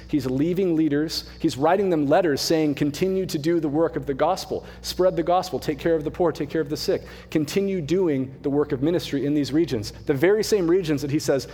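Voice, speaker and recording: A man's voice: on the high side, brisk, slightly rough. Man preaching a casual sermon in a reverberant hall. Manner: conversational, animated preaching with asides. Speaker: mission pastor. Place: church sanctuary.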